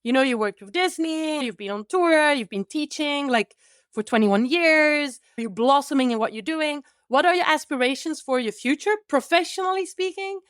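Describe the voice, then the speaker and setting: A woman hosts a podcast and puts questions to her guest in a casual manner. Her voice is quite high. The recording is close and dry, with no room echo. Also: lively intonation, normal speed. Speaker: podcast host and interviewer.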